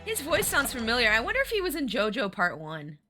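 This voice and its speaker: A chatty woman game streamer with a fairly high, lively voice, taking her time as she reacts and laughs between game lines. Clear game music runs under her talk. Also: quick pace. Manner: giggly, chatty, reacts to chat. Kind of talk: casual chat while reading a game aloud.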